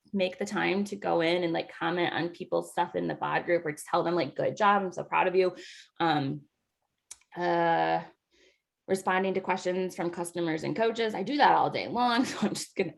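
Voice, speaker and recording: A woman's voice: lowish voice, gravelly. A woman coaching new team members on a video call, talking in a chatty way with many fillers. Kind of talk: casual training talk over a video call.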